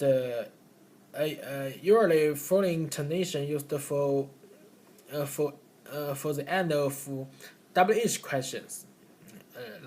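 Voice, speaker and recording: A man giving a classroom recap, explaining rules one by one in a halting way, with many fillers and restarts. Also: medium pitch, slight background noise.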